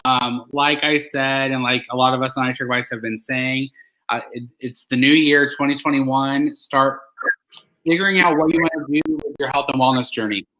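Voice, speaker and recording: Male livestream host, encouraging, bright forceful tone. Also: mid-range voice, steady tone, moderate pace, low-quality recording. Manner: upbeat, encouraging. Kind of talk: live stream interview.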